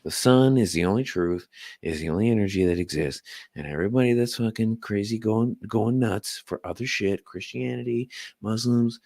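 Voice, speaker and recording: A slightly mellow, low-pitched man talks at normal speed. As co-host of an easygoing late-night podcast, he swears emphatically and drives his single point home repeatedly.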